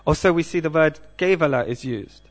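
Man giving a measured scripture class. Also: on the high side, soft background music. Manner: measured, asks the audience questions. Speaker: class speaker.

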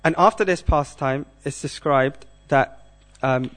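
A man giving a scripture class, speaking in a measured way and asking the audience questions. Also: on the high side, a bit bright.

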